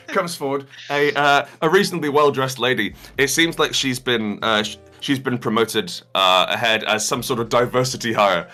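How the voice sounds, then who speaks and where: A man's voice: mid-range voice, moderate pace, pushed and bright, soft background music. A man narrating as game master, improvising with hesitant restarts and frequent laughter.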